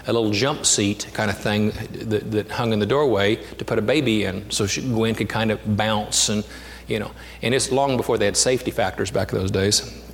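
A male pastor with a lowish voice tells a childhood story in his sermon, rising to animated peaks with self-deprecating humor and falling to a hushed near-whisper on intimate lines. The recording has long hall reverb and faint background noise.

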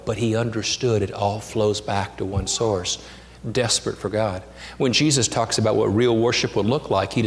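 In a sermon, a pastor whose male voice runs on the low side shares a childhood tale, swinging between animated, self-deprecating highs and hushed, near-whispered intimate lines. Long hall reverb and faint background noise color the sound.

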